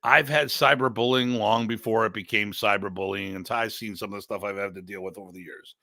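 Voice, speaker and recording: A brisk, middle-aged podcast host from the United States, also a martial arts instructor, chats through stories in a blunt, joking manner. He rambles with restarts and acts out quoted conversations animatedly, his pitch jumping. The sound is clean and dry, straight from a studio.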